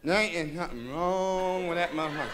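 Male stand-up comic, high voice, profane and rowdy, on a crackly live-club record. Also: fairly quick. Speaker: stand-up comedian. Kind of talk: crude stand-up comedy. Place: nightclub stage. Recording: live club audience, noisy vinyl.

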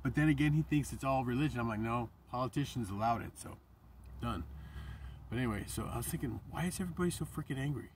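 A man talking in a casual, rambling vlog, animated and swearing freely, his voice jumping up when he quotes himself. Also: medium pitch, quick pace, recorded from a distance, a little hiss or hum. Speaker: vlogger and painter.

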